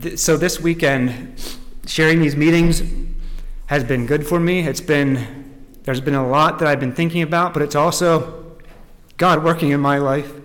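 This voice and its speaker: A man's voice: a little high, steady tone, a little slow, a bit bright. A man preaching a sermon in an earnest, reflective way, often restarting his sentences. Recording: echoey hall.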